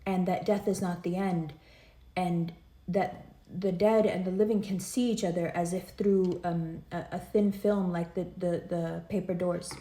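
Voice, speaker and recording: A woman's voice: fairly low pitch, fairly even intonation, measured pace, warm tone, reverberant. A woman giving a casual, earnest tarot reading, emotional and rambling as she talks straight to the listener. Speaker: tarot reader.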